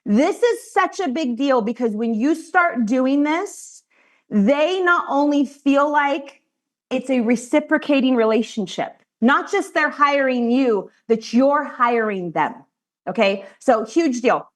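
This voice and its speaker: A woman's voice: high-pitched, takes it slowly. A woman and financial advisor teaching colleagues how she runs client meetings, talking directly and acting out what she says to clients. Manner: animated, direct, acts out client conversations. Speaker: financial advisor training peers. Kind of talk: training talk to colleagues.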